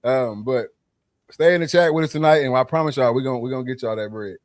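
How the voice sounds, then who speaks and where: A man's voice: medium pitch, fast talker, no echo. A man from Arkansas, co-hosting a casual podcast and hyping the chat and giveaways. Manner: laid-back, hypes the chat and giveaways. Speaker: podcast co-host.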